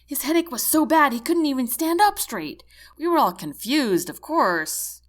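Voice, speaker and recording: A woman's voice: high-pitched, lively intonation, pitched above the performer's own voice. A woman voicing a young male seaman who babbles in a rush. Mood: babbling. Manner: rushed babbling.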